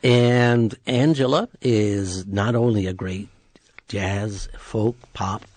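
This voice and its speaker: A man hosting a radio arts interview in a studio, friendly and quick to laugh. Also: on the low side, a little mellow, no room sound. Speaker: radio arts show host. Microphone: studio microphone.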